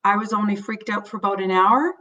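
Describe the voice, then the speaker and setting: Middle-aged woman, tapping coach, bright tone, slightly distant from the mic, soft tapping cues alternating with higher panic phrases. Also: steady tone, fairly quick, highs cut off. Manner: drops low and soft for tapping points, rises for panic phrases. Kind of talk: guided tapping sequence.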